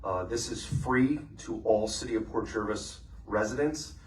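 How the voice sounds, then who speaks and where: A man presiding over a city council meeting, calling votes and making announcements in a brisk, businesslike way with casual fillers. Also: fairly low pitch. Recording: echoey chamber from far off, faint noise.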